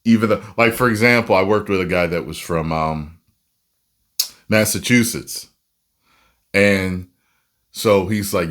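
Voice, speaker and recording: A man's voice: low-pitched, unhurried, long pauses. A man with a New Jersey accent hosting a casual reaction video, ranting and laughing as he talks. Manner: animated, laughing, rambling rants.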